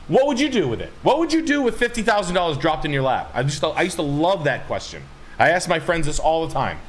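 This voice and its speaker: Profane, animated man ranting on stream. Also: high-pitched. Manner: profane, emphatic, impassioned. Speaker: streamer host. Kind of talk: rambling casual stream talk.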